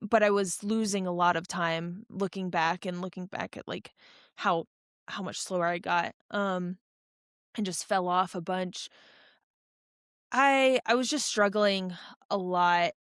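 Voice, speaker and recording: A woman's voice: lowish voice, steady tone, measured pace, fairly bright tone, smooth, no echo, studio quality. A young adult woman, a podcast guest, telling a long story in a casual, rambling way with lots of fillers and restarts. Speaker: podcast guest, ultra runner.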